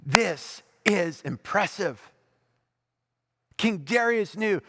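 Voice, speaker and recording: A male pastor with a high voice preaches in a chatty, lively way. He slips into the voices of the people in his story. His words ring out with a long hall reverb. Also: moderate pace. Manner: conversational, animated storytelling with mock voices. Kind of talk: sermon.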